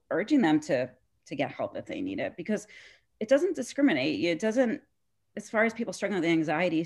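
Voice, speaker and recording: A woman therapist from the New York area, explaining earnestly in a casual interview with frequent fillers. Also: low-pitched. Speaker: therapist guest.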